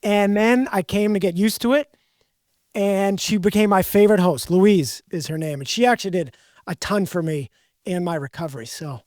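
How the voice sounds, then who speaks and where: A man's voice: high voice, moderate pace, a little mellow, dry recording, studio quality. A man hosting a podcast, talking candidly in a rambling, self-deprecating way. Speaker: podcast host. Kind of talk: casual podcast conversation.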